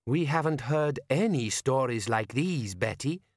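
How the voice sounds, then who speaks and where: A man's voice: medium pitch, animated, unhurried, dry recording, clean studio sound. A man voicing a humble, polite young woman who speaks in a small voice.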